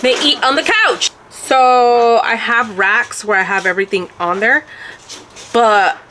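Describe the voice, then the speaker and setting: A woman's voice: on the high side, unhurried, sharp tone. A woman chats to her vlog viewers from home in a loose, talkative way, swearing casually and laughing often. It is a home phone recording with a fair amount of noise behind her voice. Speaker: vlogger.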